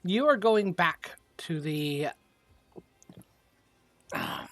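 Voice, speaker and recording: A man's voice: a little high, lively intonation, extremely slow, a bit bright, dry recording, faint music behind. A man narrating as game master in an online tabletop game, often trailing off with fillers. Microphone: online voice call.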